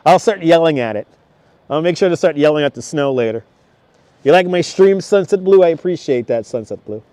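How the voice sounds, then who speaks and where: A man's voice: fairly high pitch, animated, fairly quick, mellow, no room sound. A man in his thirties live-streaming outdoors on a snowy beach, chatting with viewers, greeting them by name and laughing often. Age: 30s. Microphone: wireless clip-on mic.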